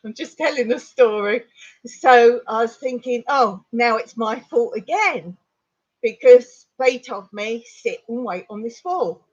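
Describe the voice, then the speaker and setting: A middle-aged woman from England, telling a long personal story on a livestream in a rambling, animated way. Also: a little high, measured pace, highs cut off. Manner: rambling, animated retelling with laughs. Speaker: vlogger on a livestream.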